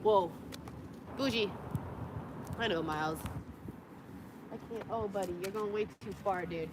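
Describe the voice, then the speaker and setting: A woman's voice: medium pitch, a little slow, very noisy. A tired young woman rambling through a livestream from her parked car, joking crudely, laughing often and cooing at her dogs. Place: parked car in a parking lot.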